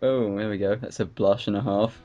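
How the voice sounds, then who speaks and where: A man's voice: fairly low pitch, steady tone, a little fast, dark tone, highs cut off, faint music behind. A man co-hosting an animation review show, talking casually and laughing easily. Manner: easygoing, laughs often, agreeable. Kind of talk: casual reaction commentary.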